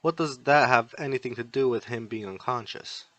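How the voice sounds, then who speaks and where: A man's voice: medium pitch, normal speed, bright, forceful tone, no echo, natural voice. A proud, fiery young noble girl mage who speaks with indignant intensity, as a male reader puts her on. The voice stays near his own middle register. The sound is dry and close. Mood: tense.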